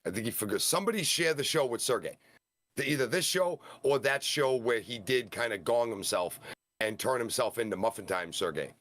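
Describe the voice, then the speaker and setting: A man co-hosting a casual wrestling review podcast, recapping matches with excited, rapid-fire enthusiasm. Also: mid-range voice, no room sound. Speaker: podcast co-host.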